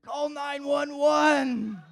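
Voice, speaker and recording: A man's voice: extremely slow, vocal fry, heavily acted. A man acting out his frantic younger self. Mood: panicked. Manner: frantic, shrill, whiny. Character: panicky young man, the narrator's past self.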